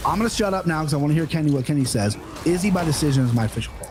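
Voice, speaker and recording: Man, sports co-host, fired-up and swearing freely, slightly higher voice, faint hiss behind. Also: racing. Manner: animated, profane, emphatic. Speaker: podcast co-host. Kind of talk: excited sports betting chat.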